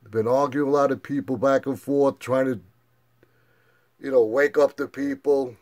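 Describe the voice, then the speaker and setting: A middle-aged man talks straight into his own camera in a loose, unscripted monologue. He is emphatic and insistent, and he pushes harder as he retells each argument. His voice sits at an ordinary, mid-range male pitch. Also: steady tone, normal speed, darkish tone. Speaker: vlogger. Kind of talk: casual vlog monologue.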